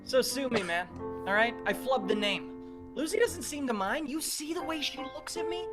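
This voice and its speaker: A man's voice: very high-pitched, expressive, moderate pace. An actor playing a brash, boastful man. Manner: brash, bragging. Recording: music behind.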